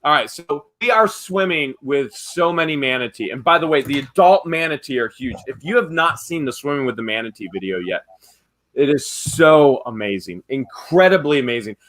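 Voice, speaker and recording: Lively, bright-voiced man telling stories. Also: moderate pace. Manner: animated, acts out quotes in a high shouting voice. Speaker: vlogger and family channel host. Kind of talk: casual storytelling chat.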